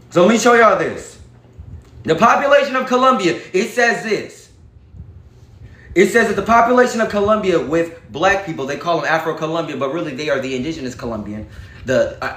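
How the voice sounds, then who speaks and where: A high-pitched man speaks straight to his viewers in a casual, emphatic, preachy way, often turning to them with y'all. His voice rings around a noticeably echoey room. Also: fairly bright tone. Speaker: vlogger. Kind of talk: casual direct-to-camera talk.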